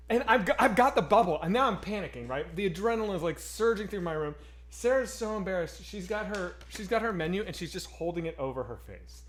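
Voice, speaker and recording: A man co-hosting a streamed chat show, telling a story in an animated, excitable way and swearing freely. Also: sits high, fairly quick. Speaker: podcast co-host.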